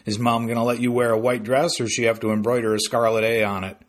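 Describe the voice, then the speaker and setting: A man voicing a quick-witted teenage sister who teases her brother. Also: mid-range voice, little pitch movement, natural voice. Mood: teasing. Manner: wry, teasing.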